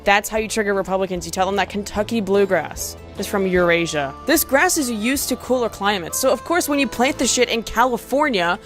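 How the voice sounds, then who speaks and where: A woman's voice: medium pitch, animated, normal speed, faint music behind. A young woman ranting to camera in a sarcastic, profane, exasperated commentary vlog, breaking into laughs. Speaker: video essayist.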